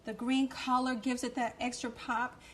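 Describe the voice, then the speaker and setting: A woman's voice: on the high side, little pitch movement, normal speed, a bit bright, a little hiss or hum. Gushing Southern woman cooking show host. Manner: gushing and effusive. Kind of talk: cooking demonstration.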